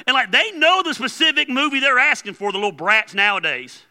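Animated pastor preaching in a big hall. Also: male voice, very high voice, fairly quick. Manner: animated, acts out quoted prayers and voices. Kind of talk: sermon. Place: large church hall. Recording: long hall reverb.

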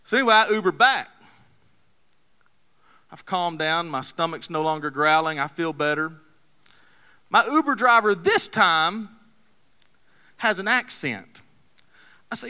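Folksy preacher, high bright voice. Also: male voice, animated, measured pace, long pauses, clean tone. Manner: folksy, joking, conversational. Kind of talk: storytelling sermon. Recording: long hall reverb.

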